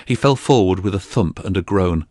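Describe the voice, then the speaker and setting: A man narrating a fantasy audiobook in a steady storytelling delivery. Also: deep voice, moderate pace, dry recording, studio quality.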